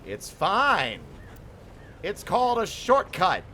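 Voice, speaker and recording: A man's voice: high-pitched, huge pitch swings, takes it slowly, bright, forceful tone, a little hiss or hum. A man streaming a driving game live, chatting casually with his viewers, joking and swearing freely. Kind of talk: casual live gameplay chat. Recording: game music behind the voice.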